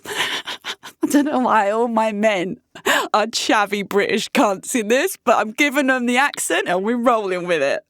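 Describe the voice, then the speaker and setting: A woman in her thirties talking about dating in a blunt, sweary, animated way that is full of laughs. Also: fairly high pitch, measured pace, no room sound, clean studio sound. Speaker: dating vlogger. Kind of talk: casual candid vlog monologue.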